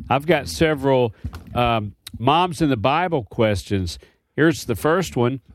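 A man's voice: medium pitch, no room sound. Sarcastic male radio co-host. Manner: sarcastic, teasing. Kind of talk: casual on-air banter. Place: radio studio.

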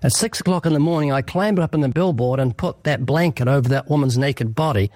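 A man talking fast as a guest on a radio interview, telling stories. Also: mid-range voice, a little mellow, dry recording.

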